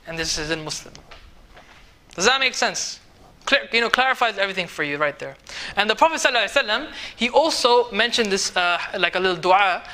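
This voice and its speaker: A man's voice: high voice, sharp tone. A man teaching a casual tafsir class, talking conversationally and mixing in Arabic phrases while checking that his students follow. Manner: mixes in Arabic words and phrases. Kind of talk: casual tafsir lesson to a small group.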